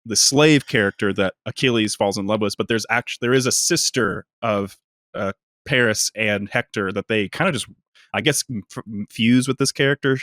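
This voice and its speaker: A man's voice: fairly low pitch, normal speed, a bit bright, no room sound, clean studio sound. A man co-hosting a casual podcast chat, laughing often and tripping over his words. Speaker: podcast co-host.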